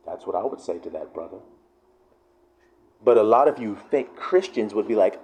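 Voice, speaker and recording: A man's voice: on the low side, animated, moderate pace, a little mellow, a little hiss or hum. A man preaching in a fiery, emphatic, profanity-laced sermon style. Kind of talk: street-style sermon vlog.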